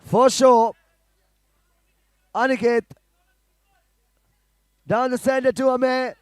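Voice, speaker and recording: High pitched guy calling a football match live, dry sound, gets shouty on goals. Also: steady tone, clear, resonant tone, dry recording. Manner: rapid play-by-play, rising to shouts at goals. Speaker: match commentator. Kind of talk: live football play-by-play commentary.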